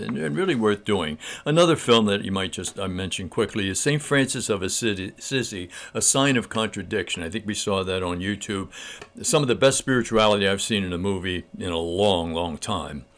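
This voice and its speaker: Older man, spiritual storyteller, low voice, halting and homespun, earnest. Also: fairly bright tone. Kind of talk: casual spiritual talk.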